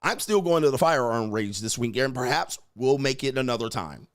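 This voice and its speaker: Swearing freely, this man offers blunt dating advice as a coach in an emphatic, casual monologue. He speaks at normal speed with an expressive voice, raising his pitch whenever he acts out quoted lines.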